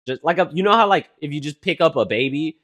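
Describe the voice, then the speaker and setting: A man's voice: a little high, lively intonation, fast, fairly bright tone. A young man co-hosting a casual podcast. He rambles with many fillers and teases his co-host. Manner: rambling, full of fillers, teasing.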